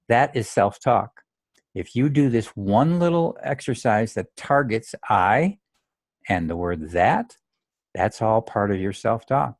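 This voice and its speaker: A man's voice: lowish voice, darkish tone, dry recording, studio quality. A man coaching golfers on their mental game, talking in a blunt, straight-talking way and saying phrases aloud to show the difference. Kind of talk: direct instructional monologue.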